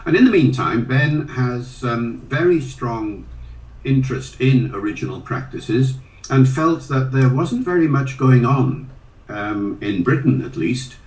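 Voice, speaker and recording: With a medium, darkish voice and lively intonation, an older linguist eases into anecdotes as an interview guest, speaking a little slowly with many small hesitations and fillers. He's set back from the microphone, and the sound carries a roomy echo.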